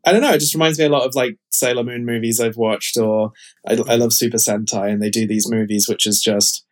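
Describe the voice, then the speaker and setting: Man, casual podcast chat, rambling, lots of fillers, mid pitch. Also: steady tone, a little fast. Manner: chatty, rambling, frequent fillers. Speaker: podcast co-host.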